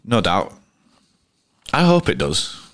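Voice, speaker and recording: A man's voice: fairly low pitch, wildly swooping pitch, takes it slowly, a bit bright, dry recording, clean studio sound. A man with a Yorkshire accent, a cricketer as interview guest, telling rambling, blunt stories full of restarts. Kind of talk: casual interview storytelling. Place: pub.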